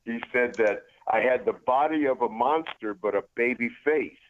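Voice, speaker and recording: Laid-back middle-aged guest over a tinny phone line, easy storytelling. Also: male voice, mid-range voice, moderate pace, slight background noise. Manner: relaxed, laid-back, says "man" often. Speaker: guest, former wrestler. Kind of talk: casual storytelling.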